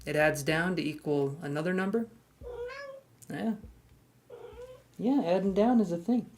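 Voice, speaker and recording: A man's voice: sits high, unhurried, long pauses, darkish tone. Jokey man chatting on a live stream. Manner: jokey, greets viewers by name and hands out queue numbers. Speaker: tarot reader hosting a live stream. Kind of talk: casual live-stream chat.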